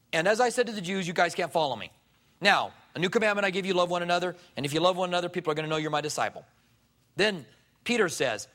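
Animated male pastor preaching a sermon. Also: on the high side. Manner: animated, acts out quoted voices.

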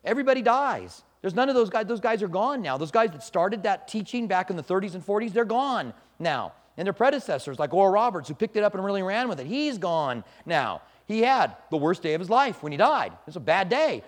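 A man preaching to his congregation, his voice sitting a little higher than most men's. He talks conversationally, dropping soft and then pressing points with emphasis. The sound rings out with a long reverb, as in a large hall. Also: very animated, fairly quick, few pauses. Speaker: pastor. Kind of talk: sermon.

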